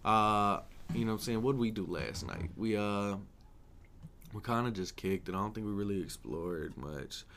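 Laid-back man with a bright, tense voice. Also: lowish voice, moderate pace, slight background noise. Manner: profane, laid-back slang, frequent "you know what I'm saying". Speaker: podcast co-host. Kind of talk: casual chat.

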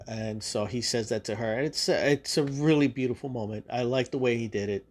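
A man's voice: mid-range voice, steady tone, quick pace, few pauses. A man hosting a podcast, casually retelling a movie's plot in a rambling, profane way. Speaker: podcast host. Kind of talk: casual spoiler review.

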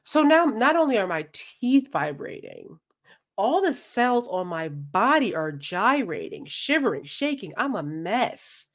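Animated woman telling a story. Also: mid-range voice, a little slow. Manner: animated storytelling with voiced-out quotes. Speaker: podcast co-host. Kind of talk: casual chat.

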